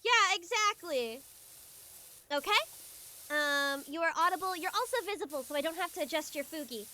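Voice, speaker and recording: A young woman streaming a game, chatting casually and excitably with a friend. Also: high voice, moderate pace, slight background noise. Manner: bubbly, excitable, giggly. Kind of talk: casual gaming stream chat.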